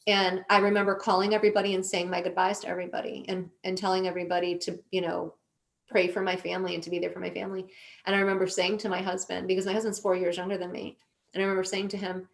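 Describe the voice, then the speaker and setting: A woman on a podcast as a guest, telling her own story in an earnest, slow, deliberate way. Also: on the low side, flat delivery, gravelly. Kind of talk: emotional personal storytelling.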